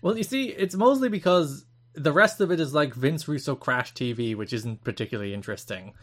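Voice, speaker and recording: A man's voice: medium pitch, expressive, fairly quick, fairly bright tone. Man explaining wrestling at length. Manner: long analytical explanations, mild swearing. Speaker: podcast co-host. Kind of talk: casual podcast chat.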